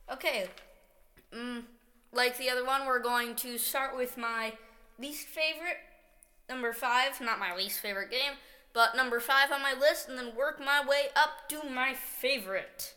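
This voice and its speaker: Slow, bright-voiced woman vlogger. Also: high voice. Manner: chatty and upbeat. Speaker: video host. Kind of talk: casual game-ranking vlog. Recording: echoey room with long reverb.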